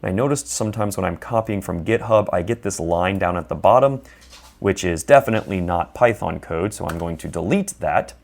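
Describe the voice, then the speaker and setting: Male tutorial narrator, low voice, plain and methodical explaining. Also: brisk, vocal fry, a little mellow. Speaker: instructor. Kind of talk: screen-recorded coding tutorial.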